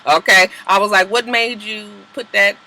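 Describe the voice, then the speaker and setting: A woman's voice: mid-range voice, moderate pace, low-quality recording. A woman casually recapping a reality show episode for viewers, chatty and profane, acting out what people said. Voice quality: animated storyteller who acts out quotes in exaggerated voices and laughs often. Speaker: TV episode reviewer.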